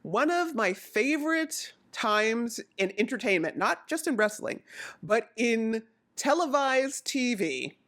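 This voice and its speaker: A woman from Jamaica chatting casually about wrestling, rambling and excitable as she jumps from topic to topic. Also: on the high side, slow pace. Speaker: wrestling recap vlogger. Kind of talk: casual chat.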